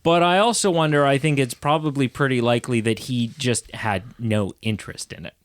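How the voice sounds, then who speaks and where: A man co-hosting a movie podcast, talking emphatically in quick, jokey casual banter. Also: mid-range voice, no echo, studio quality. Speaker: podcast co-host. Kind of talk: casual movie review chat.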